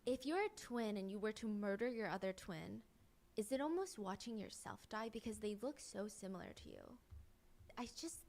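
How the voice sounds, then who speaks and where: A woman's voice: mid-range voice, moderate pace, a little mellow. A woman telling a true crime story in a casual, chatty way and speaking to viewers directly.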